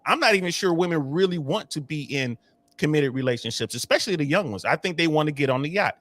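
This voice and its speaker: A man talking as a podcast guest in casual chat. He is animated and slangy and often repeats words as he goes. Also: fairly high pitch, quick pace, no echo.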